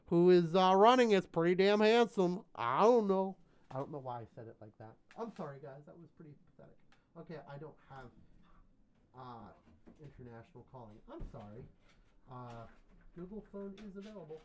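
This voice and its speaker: A man hosts a casual call-in livestream, talking straight to his viewers. He rambles and pokes fun at himself, and his pitch swings up and down with lively animation. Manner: rambling, self-deprecating, chatty asides to viewers. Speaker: livestream call-in show host.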